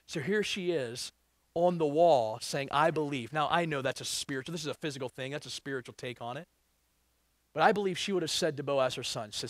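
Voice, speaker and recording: High-voiced male pastor preaching. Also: moderate pace, no room sound. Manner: emphatic, asks the congregation rhetorical questions. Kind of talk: sermon.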